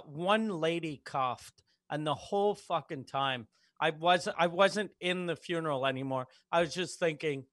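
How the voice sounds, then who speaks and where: A comedian in a casual podcast chat, telling self-mocking, profane stories. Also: male voice, fairly high pitch, a bit bright, no echo, studio quality.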